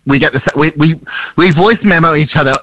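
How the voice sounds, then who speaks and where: A man's voice: fairly high pitch, fairly quick, dry recording, dull audio. An Australian man speaking as a guest musician in a radio studio, telling a story with lots of laughter. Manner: animated storyteller, laughs often. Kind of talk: casual radio chat.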